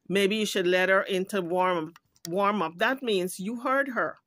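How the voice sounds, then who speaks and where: A woman's voice: medium pitch, unhurried, a bit bright. A woman hosting a commentary video, ranting indignantly and scolding, with frequent swearing. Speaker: YouTube commentary host. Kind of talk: heated commentary rant.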